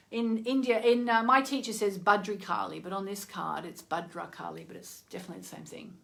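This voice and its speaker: A woman's voice: fairly low pitch, moderate pace, gravelly, fairly bright tone. A middle-aged woman hosting a live stream, chatting casually and effusively as she reads oracle cards. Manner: chatty, easily sidetracked, effusive.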